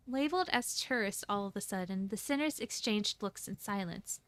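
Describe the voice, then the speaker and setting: A woman streamer narrating a game story aloud in an animated way. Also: medium pitch, normal speed, few pauses, no echo. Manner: animated, laughs often, self-correcting. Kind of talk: narration with voiced characters.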